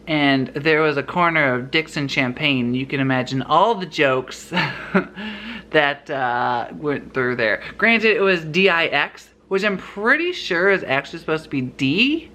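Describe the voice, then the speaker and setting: A man's voice: a little high, lively intonation, unhurried, sharp tone. A young man chatting playfully while shopping in a home goods store, laughing often as he films. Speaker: vlogger. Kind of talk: casual vlog chat while shopping.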